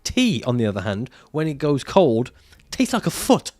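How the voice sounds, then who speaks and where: A man's voice: mid-range voice, wildly swooping pitch, moderate pace, a little mellow. A man livestreaming casually, reading out viewer comments and answering them in a jokey, profane way and laughing often.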